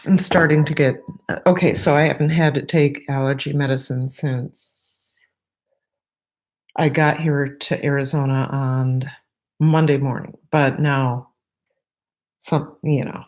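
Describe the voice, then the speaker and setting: A middle-aged woman hosts a casual YouTube livestream, sniffly with allergies and rambling in a chatty, goofy, nervous way. Her very deep, darkish voice stays steady and unhurried, picked up by a laptop microphone.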